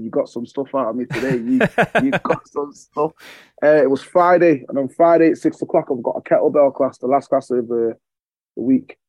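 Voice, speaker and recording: A man's voice: mid-range voice, no echo, lo-fi sound. A man, a fitness coach, telling candid stories as a podcast guest, swearing freely and repeating phrases for emphasis. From England. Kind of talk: emotional podcast storytelling.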